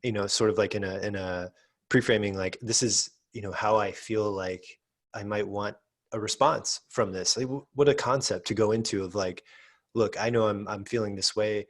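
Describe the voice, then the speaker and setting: A man with a lowish voice hosts a podcast interview. He responds to his guest with appreciation and works through his thoughts aloud. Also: fairly even intonation, moderate pace. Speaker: podcast host.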